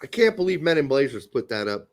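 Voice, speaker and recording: A man's voice: medium pitch, fast, noisy background. A middle-aged man co-hosting a soccer podcast, telling crude jokes and stories in casual chat. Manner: crude, joking, animated storyteller. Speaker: podcast co-host.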